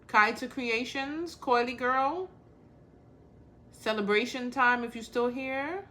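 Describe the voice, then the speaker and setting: A woman's voice: fairly high pitch, slow, sharp tone. A woman hosting a casual crafting livestream, talking bluntly and straight to the point while calling out viewers by name.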